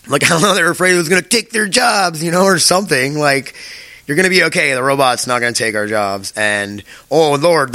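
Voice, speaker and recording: A young man talking through his solo podcast with a bright, forceful tone that carries. He rambles, stumbles over words and swears freely. The sound is close and dry, with no room around it. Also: medium pitch, no echo. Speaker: podcast host. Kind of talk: casual solo podcast chat.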